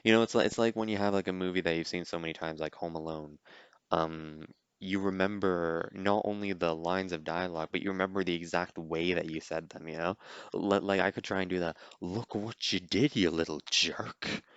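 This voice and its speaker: A man's voice: sits low, fairly even intonation, brisk, smooth, dry recording, muffled recording. A man hosting a podcast, giving a casual, rambling reaction commentary on a movie, with lots of "like" and "you know.". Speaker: podcast host.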